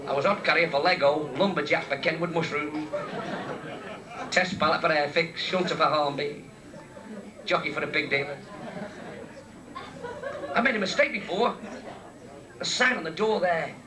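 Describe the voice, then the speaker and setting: A man with a Salford accent doing stand-up comedy in a pub, rattling off one joke after another. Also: fairly high pitch. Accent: Northern English, Salford. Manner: rapid-fire joke telling. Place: crowded pub function room. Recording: distant mic, live pub crowd.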